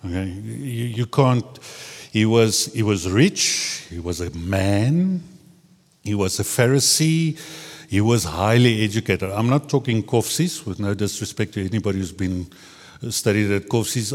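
A man's voice: lowish voice, a little slow. A man preaching a sermon in a casual, searching way, often repeating words as he restarts. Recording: long reverb of a large hall.

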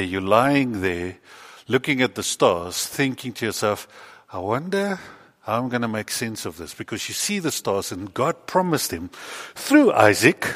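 A man tells a story sermon in a church. His voice jumps between hushed asides and loud, excited bursts. He sounds playful as he works with a child volunteer. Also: mid-range voice, slightly rough, long reverb tail. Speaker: pastor.

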